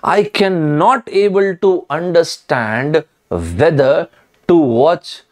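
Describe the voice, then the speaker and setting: A man's voice: a little high, lively intonation, slow. A man teaching a live online lesson, emphatic and addressing students directly, repeating key words. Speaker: online exam-prep teacher.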